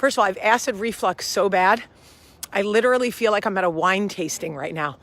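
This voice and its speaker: A woman's voice: medium pitch, a little fast, a bit bright. Lady vlogging on a walk, kinda winded, rambly and cracking herself up, swears a lot. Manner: rambling, self-amused, swears freely. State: out of breath. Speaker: host. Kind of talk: casual vlog chat. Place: outdoors, walking uphill.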